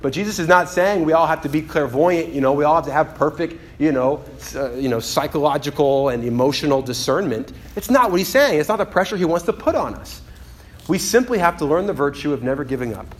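A man delivering a sermon with a fairly high voice. He talks in a lively, conversational manner, often slipping into acted-out quotes. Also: brisk. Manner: animated, conversational, acts out quotes. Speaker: preacher.

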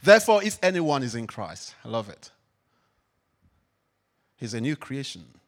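Man, pastor, sermon, emphatic preaching, very lively pitch. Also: measured pace. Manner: emphatic preaching with swings from loud declaration to quiet reflection.

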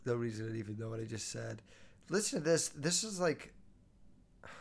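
A man's voice: mid-range voice, very animated, fairly quick, vocal fry, a crowd in the background. A young man hosting, rambling casually and swearing a lot as he reacts to clips. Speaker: host. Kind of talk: casual commentary.

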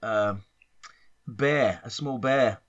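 A man co-hosting a comedy podcast, talking in a rambling, hesitant, deadpan way. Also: mid-range voice, very slow. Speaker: podcast co-host. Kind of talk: casual comedy chat. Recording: dull lo-fi sound.

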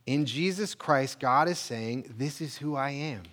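A male pastor giving a conversational sermon, rising for emphasis on questions and dropping low and quiet on key lines. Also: measured pace, few pauses.

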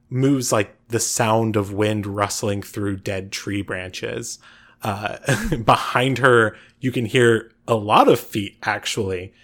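A man narrating as game master of a tabletop game, relaxed and filling pauses with uh and um. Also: lowish voice. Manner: relaxed, frequent uh and um fillers.

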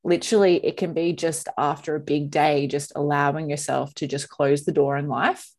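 A woman's voice: sits low, fairly even intonation, moderate pace, darkish tone. A woman hosting a podcast, talking frankly and emotionally, with casual swearing. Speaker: podcast host. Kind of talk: candid podcast conversation.

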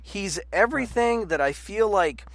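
A man in casual political chat, rambling and animated with lots of "like" and restarts. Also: sits high, moderate pace, creaky, no room sound. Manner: rambling, animated, heavy use of "like".

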